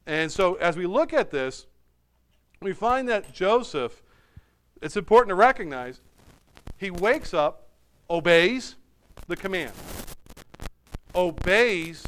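A man's voice: sits high, fairly bright tone, slight background noise, low-quality recording. A man preaching a sermon, emphatic and repeating his points for emphasis.

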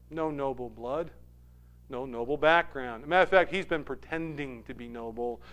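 A man retelling a movie story in an animated sermon style, swinging between loud bursts and hushed asides. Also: on the high side, clear, resonant tone. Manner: animated retelling with sudden soft drops.

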